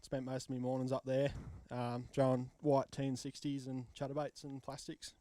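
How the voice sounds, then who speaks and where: A man's voice: mid-range voice, completely flat delivery, moderate pace, dark tone, dry recording. A man, an angler giving brief, modest answers at a weigh-in. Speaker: tournament angler. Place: outdoors at a lakeside weigh-in.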